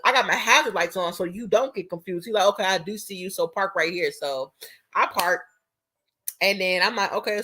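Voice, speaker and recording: A woman's voice: medium pitch, a bit bright. A young woman vlogger casually telling a story to her viewers, bluntly and animatedly, swearing freely and acting out both sides of a conversation.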